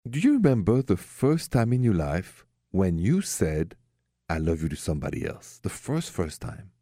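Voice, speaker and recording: A man from France, with a French accent, hosts a radio love-advice show, telling stories warmly and speaking directly and frankly with callers. His low voice is very animated at a moderate pace, in clean studio sound with no room sound.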